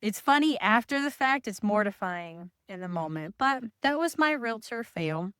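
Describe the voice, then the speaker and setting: A woman in her thirties tells a story straight to the listener in a lively, self-mocking way. Her voice is smooth and clear at a middle pitch. The sound is dry and close, with no room around it. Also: moderate pace, no echo. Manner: animated, self-deprecating, expressive. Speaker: real estate agent. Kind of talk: casual storytelling to camera.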